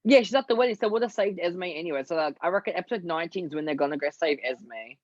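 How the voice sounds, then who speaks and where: A man's voice: a little high, expressive, fast, no room sound, lo-fi sound. A man co-hosting a casual online show, speculating in a laid-back way with lots of fillers. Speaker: co-host of a TV discussion show. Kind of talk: casual chat.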